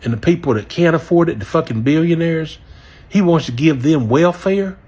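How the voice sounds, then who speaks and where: A man from outside Memphis talks straight to the camera in a heated, profane rant. His voice is husky and worn. He swings from loud outbursts down to low, bitter mutters. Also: expressive, moderate pace. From Southern US, near Memphis. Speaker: regretful voter. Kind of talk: angry direct-to-camera rant.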